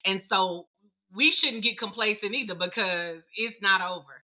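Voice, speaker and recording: A woman hosting a casual podcast conversation, lively and animated, with frequent short affirmations. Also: medium pitch, moderate pace. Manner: lively, animated retelling with lots of backchannel.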